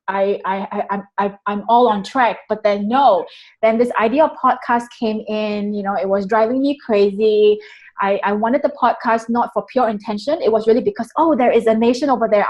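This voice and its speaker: A woman guest telling a personal story in a candid, animated way, acting out her own inner voice and swearing freely. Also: fairly high pitch, highs cut off.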